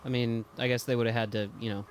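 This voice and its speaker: A man's voice: mid-range voice, quick pace, a little hiss or hum. A man streaming a video game live, chatting casually, swearing and yelping when things go wrong. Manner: excitable, swears freely, yelps and talks to chat. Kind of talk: casual live gameplay commentary.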